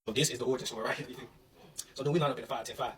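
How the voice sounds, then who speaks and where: A young man from Alabama telling a story in an animated, slangy way. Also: medium pitch, racing, recorded from a distance, a little hiss or hum, poor audio. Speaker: vlogger. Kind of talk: casual storytelling.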